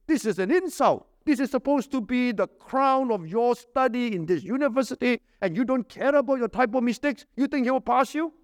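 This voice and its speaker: A high-pitched man preaches with force, jumping up to stressed words and dropping low at the ends of his points. He keeps throwing rhetorical questions at his listeners. The sound is close and dry. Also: animated, normal speed, few pauses, no room sound. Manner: emphatic, swings between loud high stresses and low dropped endings. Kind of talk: sermon.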